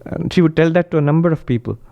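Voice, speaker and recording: A man, a monk, giving a spiritual talk and telling stories with animated quoted voices. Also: racing, vocal fry, dull audio. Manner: animated storyteller, raises pitch when quoting, laughs often.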